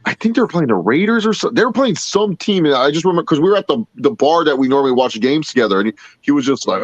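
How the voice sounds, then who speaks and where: A man's voice: a little high, lively intonation, fast, no echo, muffled recording. A man co-hosting a casual sports watch-along, telling a story with lots of laughs and swearing. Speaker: podcast co-host.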